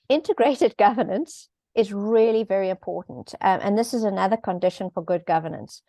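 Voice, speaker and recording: A middle-aged woman talks through governance ideas in a relaxed, chatty way, dropping in ums and small laughs. Her voice sits at a middling pitch. The sound is dry and close, with no room echo. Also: normal speed. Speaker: governance expert speaking on a panel. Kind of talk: conversational explanation in an online event.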